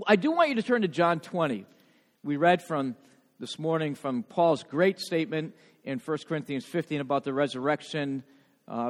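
A middle-aged pastor delivers a sermon in a fairly high voice. He swings between emphatic, raised passages and quiet, hushed ones, often repeating words. The sound carries a long reverb of a large hall. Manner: repeats words when emotional. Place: church sanctuary.

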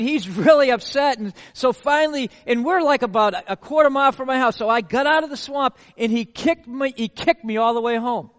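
A male pastor preaching a sermon, telling stories with lively rhetorical questions to his listeners. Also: very high voice, moderate pace, long reverb tail. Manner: animated storytelling with rhetorical questions.

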